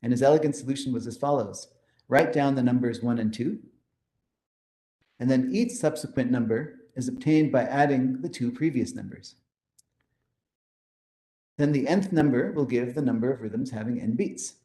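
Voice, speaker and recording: A man's voice: medium pitch, normal speed, pauses often, warm tone, roomy sound. A man giving a lecture on mathematics, explaining formulas and counting step by step with enthusiasm. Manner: explanatory, enthusiastic, pointing to slides. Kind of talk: math lecture.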